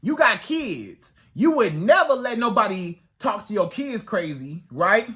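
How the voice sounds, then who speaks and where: High, lively male dating coach. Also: unhurried. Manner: emphatic, repetitive, acts out quoted women's voices. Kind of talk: direct-to-camera advice monologue.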